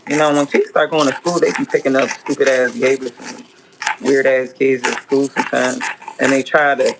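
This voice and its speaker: A woman with a gravelly, creaky edge to her voice chats casually on a livestream while she cooks. She is blunt and profane and rambles from one point to the next. A faint hiss sits under her voice. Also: rumbling low, steady tone, brisk. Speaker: home cook and food vlogger.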